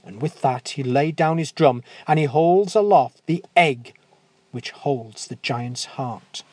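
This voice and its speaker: Brief: unhurried male storyteller, dry close sound. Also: fairly high pitch, darkish tone, no echo. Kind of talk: storytelling narration.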